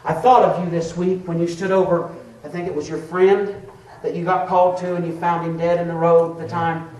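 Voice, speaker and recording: A man's voice: a little high, level tone, a little fast, darkish tone, a little hiss or hum. A man preaching a fervent sermon, calling on listeners by name and rising into a chanted, sing-song delivery. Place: church sanctuary. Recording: echoey church room.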